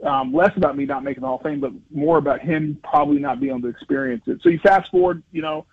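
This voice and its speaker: A man in his fifties, a former football lineman, telling personal stories as an interview guest in an earnest, animated way with many restarts. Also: fairly high pitch, fast talker, creaky, slightly rough. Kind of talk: conversational interview storytelling. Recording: dry, phone-like radio line.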